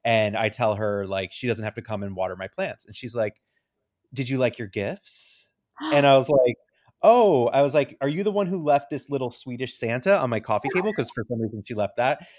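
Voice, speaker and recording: A man's voice: mid-range voice, quick pace, hardly any pauses, darkish tone, no echo. A man co-hosting a podcast, telling a story in casual chat and acting out both sides of a conversation. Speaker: podcast co-host.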